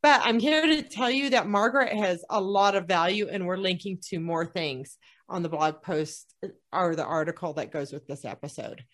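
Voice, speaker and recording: A woman's voice: fairly low pitch, moderate pace. A woman hosting a podcast, introducing her guest and emphatically picking up on points she made. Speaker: podcast host. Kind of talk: podcast conversation.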